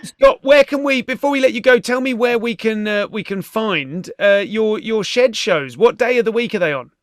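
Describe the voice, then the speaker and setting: A man hosting a podcast, chatty and teasing, quick to laugh with his guests. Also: sits high, no room sound, clean studio sound. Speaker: podcast host. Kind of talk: casual chat.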